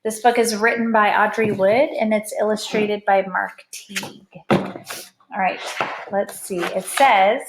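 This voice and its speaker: A woman reading a picture book aloud in an animated way, pausing to ask the listener questions. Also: medium pitch. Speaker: storybook reader. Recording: roomy echo.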